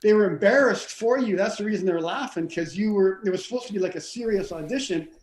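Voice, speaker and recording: A middle-aged man, a stunt coordinator and actor, telling animated, rambling stories in a casual interview, often stammering and restarting. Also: high voice, quick pace. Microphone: video call. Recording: roomy echo.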